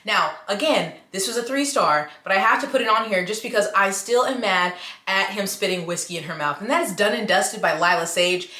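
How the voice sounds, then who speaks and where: A woman's voice: medium pitch, a little fast, pushed and bright. Chatty woman reviewing books in an echoey room. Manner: chatty, frank, exaggerated reactions. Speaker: book reviewer. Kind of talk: casual chat to camera. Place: room at home.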